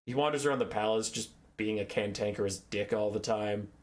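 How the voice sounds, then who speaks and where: A man's voice: fairly low pitch, fairly quick. Rambling sarcastic young man recapping lore. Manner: rambling, sarcastic, swears and acts out characters. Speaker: lore video host. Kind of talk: casual lore recap monologue.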